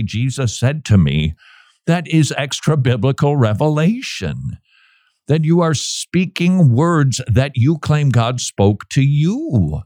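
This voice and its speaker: A man talks with a sarcastic, joking edge and a lively, swinging pitch. He laughs often as he riffs with his co-host. The sound is close and dry. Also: dry recording. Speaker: podcast co-host. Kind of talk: casual commentary.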